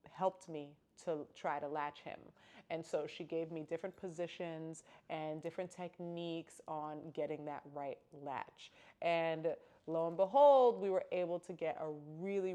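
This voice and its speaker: A woman's voice: deep voice, a little slow, mellow. A young woman telling a personal story in a casual, candid vlog, with emphatic exclamations. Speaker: vlogger.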